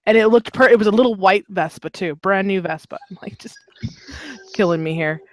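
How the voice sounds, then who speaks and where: A woman's voice: medium pitch, a little fast, dry recording. Candid woman, dry close sound. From Canada. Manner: candid, restarts often, laughs while telling stories. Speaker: podcast co-host, motorcycle rider. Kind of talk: casual chat.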